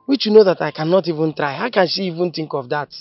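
A man's voice: on the high side, fast, dry recording, muffled recording, soft background music. An actor with a Nigerian accent playing a distressed young man who stammers as he pleads that he never cheated. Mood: pleading.

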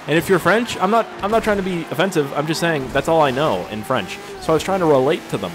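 A man's voice: fairly high pitch, very animated, quick pace, few pauses. A man giving crude, rambling, joking commentary while playing a racing game. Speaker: gameplay commentator. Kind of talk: casual gameplay commentary. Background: game music and car engines.

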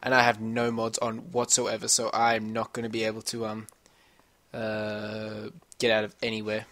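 A man's voice: lowish voice, completely flat delivery, normal speed, fairly bright tone. Foul-mouthed man griping through a game. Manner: profane, rambling, complaining to himself. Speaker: gamer playing a puzzle map. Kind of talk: let's-play commentary.

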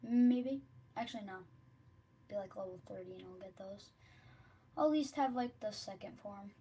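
A woman giving casual, rambling commentary while streaming a video game, often dropping to quiet mutters. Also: medium pitch, normal speed, slight background noise. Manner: chatty, rambling, drops to mutters.

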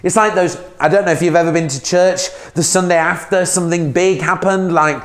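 A man's voice: high voice, steady tone, fairly quick. A man, a minister giving a sermon in a conversational way, asking the listener questions.

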